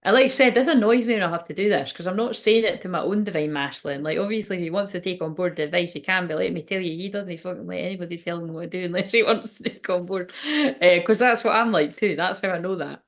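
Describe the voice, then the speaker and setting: A woman's voice: lowish voice, fast talker. A woman, giving a casual, rambling tarot reading, swearing freely and laughing often. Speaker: tarot reader and medium.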